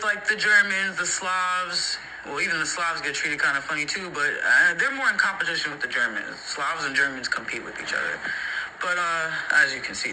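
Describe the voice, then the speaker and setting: A man's voice: fairly high pitch, sharp tone, a little hiss or hum, poor audio. A man in an opinionated, heated rant to the camera, emphatic and profane, repeating his points and mocking others. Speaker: social media creator.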